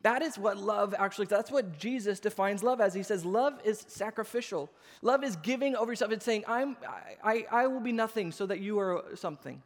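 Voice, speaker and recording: Pastor in his thirties, high-pitched male voice, sermon full of acted-out anecdotes, echoing sanctuary. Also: a little fast, few pauses. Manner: animated storytelling, acts out voices. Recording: long hall reverb.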